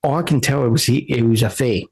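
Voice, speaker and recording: A man's voice: medium pitch, fast talker, gravelly, a little mellow, husky, low-quality recording. A man playing a nervous masked man. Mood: defensive. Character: hunched masked man in black, nervous errand-runner.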